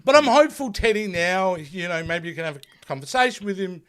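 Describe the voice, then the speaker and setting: An Australian man with a high, bright voice that jumps around in pitch. He co-hosts a podcast and plays his jokes completely straight, as if filing a grave complaint. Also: brisk, clean tone. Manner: deadpan mock-serious complaining. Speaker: podcast co-host. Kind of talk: casual chat.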